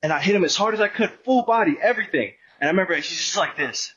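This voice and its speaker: A man's voice: on the high side, rapid-fire, bright, forceful tone, breathy edge, highs cut off. A man guesting on a podcast, telling a long story in a rambling, profane, casual way and acting out what people said. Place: podcast studio.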